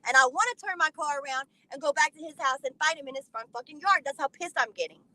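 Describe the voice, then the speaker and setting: A woman with a high, bright voice tells a story from her own life. She is blunt and lively and swears freely. She talks like she is chatting with friends. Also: fast talker, no room sound, low-quality recording. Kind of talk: casual profane storytelling.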